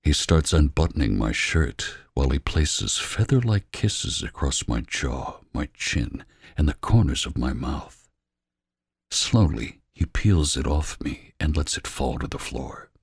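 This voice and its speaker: Slow, very deep gravelly male narrator. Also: expressive, no echo, studio quality. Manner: slow, hushed, often whispering. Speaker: audiobook reader. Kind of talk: scripted narration.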